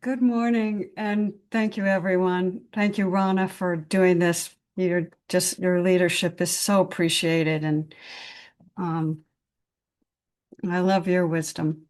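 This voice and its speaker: A woman's voice: on the low side, level tone, takes it slowly, darkish tone. Frank woman sharing on a video call. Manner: frank, blunt, swears, many fillers and restarts. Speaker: group sharing participant. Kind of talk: candid personal sharing.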